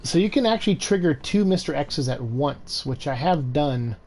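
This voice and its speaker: Casual gamer guy, raspy-edged voice pitched a bit high, talking through a playthrough. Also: animated, moderate pace, a little mellow. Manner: chatty, swears, laughs at memes. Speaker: gameplay commentator. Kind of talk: casual let's-play commentary.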